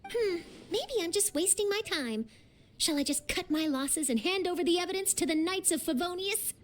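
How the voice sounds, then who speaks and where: A woman's voice: very high voice, animated, normal speed. A woman voicing a pushy, inquisitive young journalist in a video game, probing and teasing with easy confidence.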